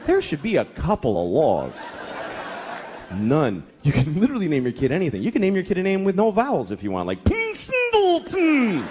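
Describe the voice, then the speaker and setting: A man's voice: a little high, wildly swooping pitch, a little fast. A man in his thirties doing a stand-up comedy set, exasperated and profane, acting out little voices. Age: 30s. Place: comedy club stage with laughing audience. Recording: live club recording with crowd noise.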